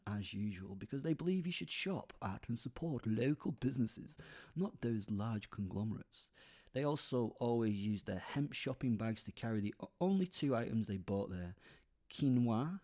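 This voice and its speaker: A man narrates a comic story in the first person for his podcast. His voice sits a little low and has a warm, mellow tone. He rambles into asides and sometimes drops into a whisper.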